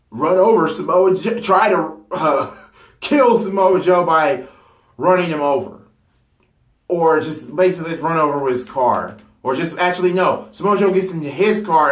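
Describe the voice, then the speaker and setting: A man talking casually and excitably about a wrestling storyline, rambling with fillers and stopping to correct himself. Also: a little high. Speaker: wrestling fantasy-booking vlogger. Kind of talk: casual unscripted monologue. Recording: roomy echo.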